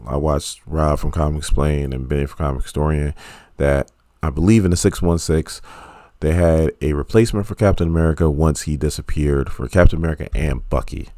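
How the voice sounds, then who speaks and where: A man's voice: extremely low pitch, dry recording. A man giving a casual, joking video review of a superhero film to his channel's viewers. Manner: joking, animated storytelling. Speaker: YouTube movie reviewer.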